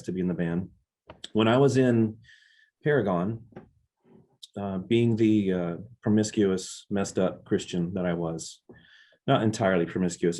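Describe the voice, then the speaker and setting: A man's voice: low-pitched, dark tone, husky. A man, a drummer being interviewed, earnestly telling reflective stories about his music career. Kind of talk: casual interview storytelling.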